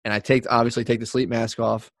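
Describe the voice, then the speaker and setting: A man, a comedian hosting a podcast, telling a profane, animated story in casual chat and acting out the people in it. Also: medium pitch, fast, dry recording, studio quality.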